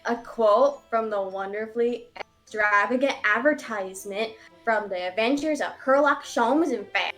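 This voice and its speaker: A woman's voice: a little high, normal speed, a bit bright, soft background music, natural voice. A woman voicing a pompous male detective in a silly little baby voice while playing a video game. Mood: grandiose. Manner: silly, babyish.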